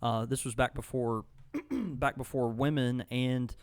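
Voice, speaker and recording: A man co-hosting a podcast, talking casually at a middle pitch. He rambles, circling back through fillers and restarts. The sound is dry and close, with no room echo. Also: unhurried, a little mellow, clean tone. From Mississippi. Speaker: podcast co-host.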